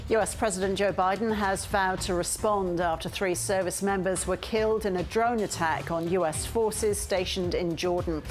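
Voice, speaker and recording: An Australian woman presenting a television news bulletin in a measured, formal manner. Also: fairly low pitch. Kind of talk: newsreading.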